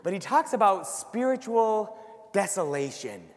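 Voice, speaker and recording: A man giving a lively church talk to a live audience, acting out worried voices. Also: sits high, a little slow. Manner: animated, acts out worried voices. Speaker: Catholic speaker. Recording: long hall reverb.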